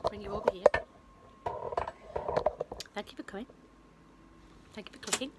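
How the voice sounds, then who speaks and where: A woman's voice: medium pitch, moderate pace, pauses often. Chatty woman on a noisy phone recording. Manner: rambling and chatty, with many fillers and restarts. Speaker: vlogger and film reviewer. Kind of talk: casual retelling of a film plot.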